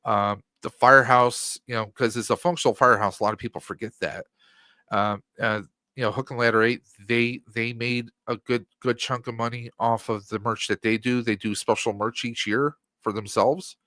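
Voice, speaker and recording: A man's voice: mid-range voice, fairly even intonation, normal speed, sharp tone, no echo. A man in his mid-forties talks casually as a podcast guest, with a mid-range voice. He rambles with plenty of fillers. The recording is dry and close. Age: 40s. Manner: rambling, lots of fillers like um and you know.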